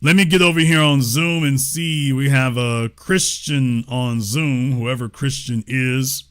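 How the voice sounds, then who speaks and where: A man's voice: mid-range voice, steady tone, a little slow, a bit bright, clean tone. A man hosting a livestream political commentary show, talking in a mocking, sarcastic way. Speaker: show host.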